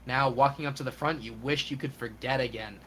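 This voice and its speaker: A streamer reading a game's narration aloud in a lively live stream, with comic emphasis. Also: medium pitch, fairly quick, a little hiss or hum.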